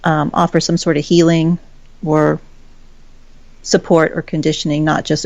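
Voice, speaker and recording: Chatty woman with a gravelly, lo-fi voice. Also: sits low, level tone, normal speed, a little mellow, no echo. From Texas. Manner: chatty storyteller, laughs often, acts out quoted voices. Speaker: guest. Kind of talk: casual chat. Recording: dull lo-fi call audio.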